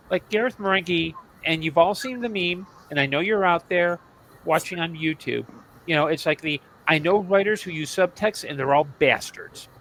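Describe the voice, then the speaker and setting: Guy chatting on a podcast about old tv, kinda high voice, keeps restarting and going off on tangents. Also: a bit bright, a little hiss or hum, low-quality recording. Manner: rambling, with frequent restarts and asides. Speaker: podcast co-host. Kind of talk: casual podcast chat about old TV series.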